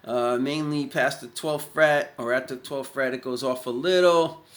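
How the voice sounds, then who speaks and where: A man's voice: mid-range voice, fairly even intonation, unhurried. A man chatting casually in a guitar repair vlog, rambling and folksy, thinking aloud as he goes.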